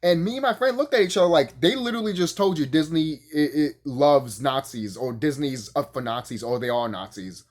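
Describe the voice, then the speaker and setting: A man's voice: fairly quick, hardly any pauses. A man giving a casual, profane, rambling review, full of fillers and bursts of laughter. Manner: animated, jumps high when excited. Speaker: YouTube reviewer.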